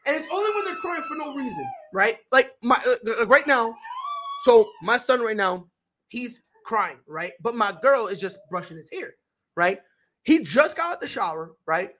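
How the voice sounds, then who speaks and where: A young adult woman hosting a sports podcast, telling stories in an animated, slangy way with lots of restarts and tag questions. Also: on the high side, normal speed. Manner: animated storyteller, slangy, full of restarts and "right?". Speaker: podcast host. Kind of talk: casual sports chat.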